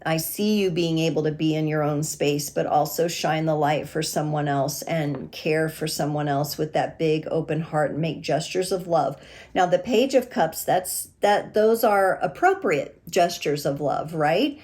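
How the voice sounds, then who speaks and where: Lady doing a tarot reading, kinda low voice, soft and reassuring, lots of pauses. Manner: gentle, reassuring, with pauses and restarts. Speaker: tarot reader.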